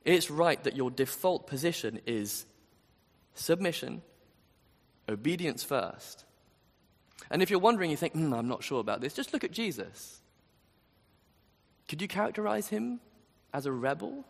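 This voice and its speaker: An earnest man preaches a sermon, pressing his points and putting rhetorical questions to the room. His voice sits a little high and swings widely in pitch. The sound carries the long reverb of a big hall. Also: animated, unhurried, gravelly, pauses often.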